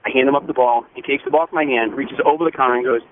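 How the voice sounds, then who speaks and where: Fast-talking dad on a phone line. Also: male voice, medium pitch. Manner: rushed, earnest, restarts mid-sentence. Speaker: phone-in guest. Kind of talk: eager storytelling. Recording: tinny phone line with faint noise.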